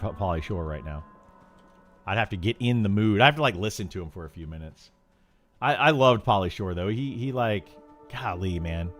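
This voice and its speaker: A chatty middle-aged man talks while he streams a game, wandering from topic to topic. He restarts his sentences and fills gaps with ums and uhs. Faint music plays quietly in the background. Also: fairly low pitch. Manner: rambling, chatty, with many fillers and restarts. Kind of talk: casual chat while streaming.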